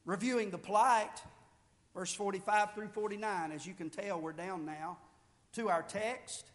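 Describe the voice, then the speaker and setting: High pitched preacher guy really getting into the sermon, loud then hushed, lots of hall echo. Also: steady tone, a little slow. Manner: fervent preaching, swelling to loud shouted peaks then dropping low. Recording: long reverb of a large hall.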